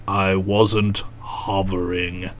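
A woman reading an audiobook who voices a gruff, touchy young Englishman, answering in guarded, curt replies. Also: rumbling low, flat delivery, extremely slow, pitched below the performer's own voice, exaggerated voice. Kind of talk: audiobook character voice.

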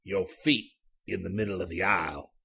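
A man doing a curt, low train porter. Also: normal speed, vocal fry, bright, forceful tone, breathy edge, full character voice. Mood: curt, dismissive.

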